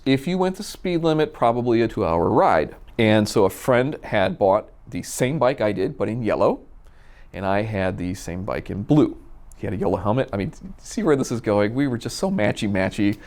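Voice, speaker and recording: A man from Minnesota telling a personal story in a casual, animated way, acting out the dialogue. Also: on the low side. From Minnesota, USA. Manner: animated, acts out quoted dialogue. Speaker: storyteller guest.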